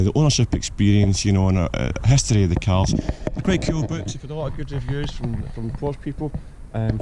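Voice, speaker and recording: A man with a croaky voice from a cold, hosting and giving casual buying advice with lots of ums and restarts. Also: fairly low pitch, noisy background. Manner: hesitant, many ums and restarts. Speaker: car channel host.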